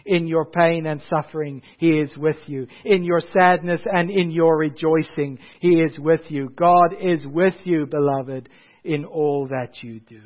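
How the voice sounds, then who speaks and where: A man's voice: on the high side, fairly even intonation, unhurried. A man preaching a sermon as a pastor. He speaks emphatically and asks repeated rhetorical questions. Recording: tinny phone-like sound.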